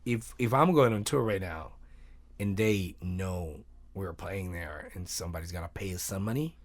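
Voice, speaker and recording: Mexican-accented man telling stories, halting. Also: sits low. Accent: Mexican Spanish. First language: Spanish. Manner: halting, repeats words, non-native grammar. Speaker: guest musician. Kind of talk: casual storytelling interview.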